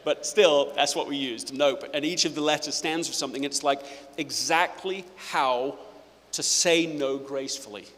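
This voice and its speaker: A man giving a live presentation to an audience, playful and energetic, often restarting his phrases. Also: a little high, normal speed. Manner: energetic, self-interrupting, playful. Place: auditorium with audience. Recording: hall reverb.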